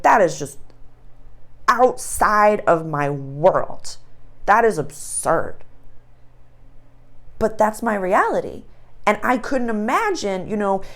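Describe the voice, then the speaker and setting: A woman hosting an astrology channel, talking in a casual, animated spiritual monologue and acting out little scenes. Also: mid-range voice. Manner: animated storytelling, acts out voices.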